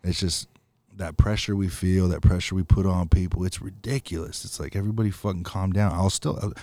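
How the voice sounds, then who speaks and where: A man with a deep, low voice chatting on a podcast and telling a story. He acts out the quotes with lively energy and swears freely. The sound is close and dry, with no room echo. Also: fairly quick. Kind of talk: casual chat.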